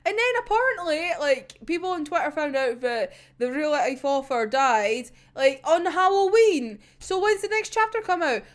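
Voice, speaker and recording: A woman's voice: sits high, expressive, moderate pace, hardly any pauses. A young Scottish woman reacting to a manga chapter, swearing and exclaiming in exasperation. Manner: swears a lot, laughs and cries out in exasperation. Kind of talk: emotional reaction vlog.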